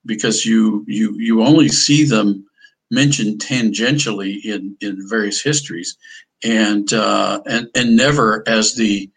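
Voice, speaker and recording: A man with a husky, low voice in a podcast conversation. He speaks earnestly and often restarts his sentences. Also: a little slow, a bit bright, poor audio.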